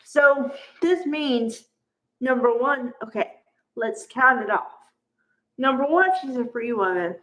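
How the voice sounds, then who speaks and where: A woman's voice: fairly high pitch, slow, a bit bright. A woman chatting casually through a soap opera recap, acting out the characters' lines with exclamations. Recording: dull lo-fi audio.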